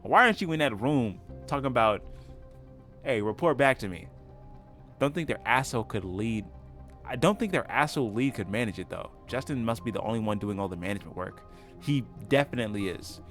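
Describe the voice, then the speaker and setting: A man's voice: medium pitch, expressive, a little fast, fairly bright tone, faint music behind. Blunt man riffing over a story game. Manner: blunt, profane, talks back to the characters. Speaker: gaming channel host. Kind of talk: casual reactions while playing a story game.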